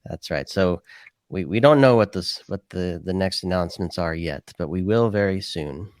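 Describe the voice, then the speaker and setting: A man's voice: low-pitched, moderate pace, no room sound, studio quality. A man hosting a podcast, talking casually and rambling as he thinks aloud. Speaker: podcast host.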